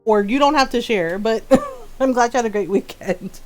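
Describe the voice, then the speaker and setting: A woman game streamer telling a family story in a casual, animated way, laughing often and greeting chat. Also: a little high, moderate pace, soft background music.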